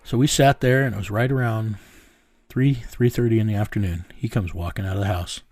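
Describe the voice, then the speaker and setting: A man's voice: lowish voice, fairly quick, a little mellow, dry recording. A man bluntly telling his own story in a casual interview, often repeating words as he restarts. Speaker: bounty hunter guest telling his story.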